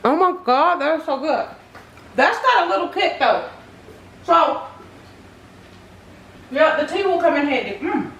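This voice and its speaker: A chatty woman with a drawl hosts her home cooking vlog, exclaiming over each bite. Her voice sits high, and it carries through a roomy kitchen. The mic stands a little away from her, with a faint hum behind. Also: lively intonation, measured pace, pauses often, fairly bright tone, far from the mic. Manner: chatty, exclaims while tasting. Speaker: cooking channel host.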